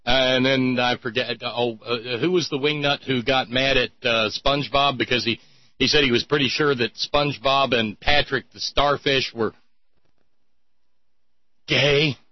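A man's voice: mid-range voice, fairly even intonation, unhurried, no echo. A man hosting political commentary in a mocking, sarcastic way, often stumbling over his words. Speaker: host. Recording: slightly muffled dry recording.

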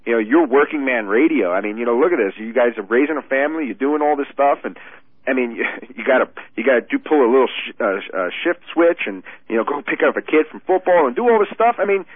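A man calling in to a radio show, talking in an excitable, stammering, indignant way about politics. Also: mid-range voice, fast, no echo. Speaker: phone-in guest. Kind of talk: heated political chat on a phone line. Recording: tinny dry phone line.

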